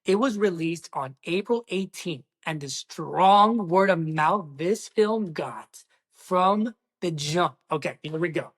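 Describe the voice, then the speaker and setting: Excitable woman reviewing a movie. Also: lowish voice, measured pace, slightly rough. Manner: excitable, exclamatory, talks straight to viewers. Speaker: film reviewer.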